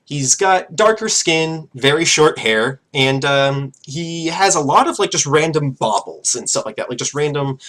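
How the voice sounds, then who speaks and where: A man's voice: fairly high pitch, expressive, measured pace, few pauses, fairly bright tone. A man narrating a tabletop game as game master, casual and full of fillers.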